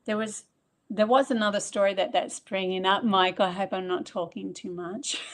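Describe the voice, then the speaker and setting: A woman speaks as an interview guest, telling a spiritual anecdote with lively energy. She acts out what people said, her voice leaping high for the quotes. Her voice sits at an ordinary middle pitch. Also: normal speed. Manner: animated, acts out quoted remarks with big pitch jumps. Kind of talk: spiritual storytelling in conversation.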